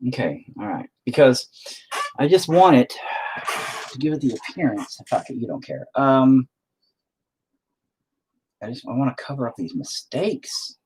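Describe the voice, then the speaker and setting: A man talking casually to himself while he paints, swearing constantly, self-critical, dropping into mutters and then flaring up loudly. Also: mid-range voice, very animated, measured pace, pauses often, a little hiss or hum. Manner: drops into whispers and mutters, then flares up loudly. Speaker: painting streamer.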